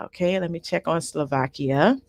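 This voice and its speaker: A woman teaching a live online Japanese class, patient and repeating each word slowly for her learners. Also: low voice, darkish tone, dry recording, clean studio sound.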